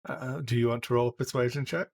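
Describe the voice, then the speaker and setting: A man narrating as game master of a tabletop game, halting often with ums as he describes scenes. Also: mid-range voice, fairly even intonation, darkish tone.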